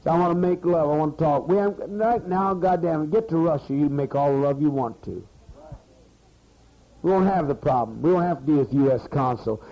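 On a muffled archival tape, a man leading a community meeting rambles, curses and scolds the people gathered there. His voice is fairly high, brisk and mellow.

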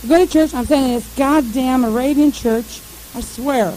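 A woman's voice: sits high, moderate pace, warm tone, slight background noise, low-quality recording. A woman telling a rambling, profane story in casual conversation, mimicking radio chatter and noises along the way.

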